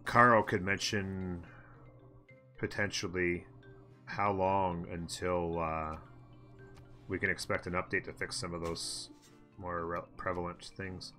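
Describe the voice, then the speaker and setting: A man's voice: low voice, little pitch movement, slow, pauses often, bright, forceful tone, soft background music. A man hosting a strategy game let's play, chatting and thinking aloud as he plays and answering his chat.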